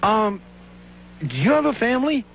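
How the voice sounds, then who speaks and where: A man's voice: very high-pitched, very animated, moderate pace, gravelly. A male radio talk show host asking curious, probing questions in an interview. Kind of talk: late-night radio interview. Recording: dull lo-fi radio broadcast.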